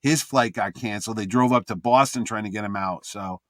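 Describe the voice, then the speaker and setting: A man's voice: lowish voice, fairly quick, no echo, clean studio sound. A man from Connecticut who runs a comic convention, telling stories in a casual podcast chat and acting out the phone calls in them. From Connecticut, USA. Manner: animated storyteller, acts out phone calls.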